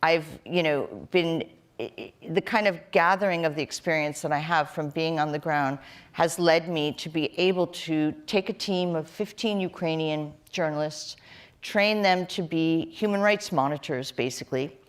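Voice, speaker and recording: Low-voiced woman, earnest panel speaker. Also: clear, resonant tone. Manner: earnest, measured, with fillers and restarts. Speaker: panel guest, human rights director. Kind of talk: live panel discussion.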